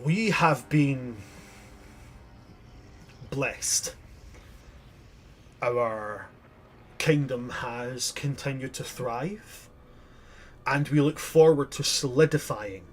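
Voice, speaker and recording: Courteous regal king, welcoming and formal, middle pitch, voiced plainly by a man running a tabletop game. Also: drawn-out words, pauses often, a bit bright, slight background noise. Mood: gracious. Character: gracious regal human king, grown man.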